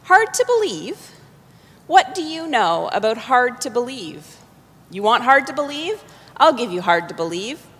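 A fiery sixteen-year-old boy, as a woman acts him out, mocking and impassioned in a storybook reading. His voice sits high and climbs higher when he scoffs. A long reverb hangs after each line, as in a big hall. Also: big pitch swings, normal speed, fairly bright tone, breathy edge, heavily acted. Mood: indignant.

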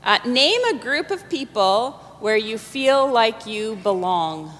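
A woman's voice: fairly high pitch, very animated, takes it slowly, fairly bright tone. A woman pastor preaching, reading a story aloud and then talking with her congregation, in a church. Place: church sanctuary. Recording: long church reverb.

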